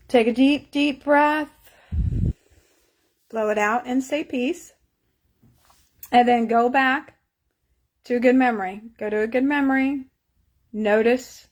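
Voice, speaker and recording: A woman with a fairly high voice leads a live tapping session. She speaks in slow, calm, repeated instructions, coaxing listeners to let go. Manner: slow, soothing, repetitive guiding instructions. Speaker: tapping coach.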